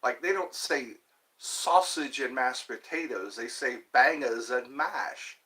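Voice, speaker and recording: A man in his fifties hosts a solo livestream, rambling, talking to himself, and hopping from one topic to another. His voice is medium-pitched, pushed and bright, and he takes his time.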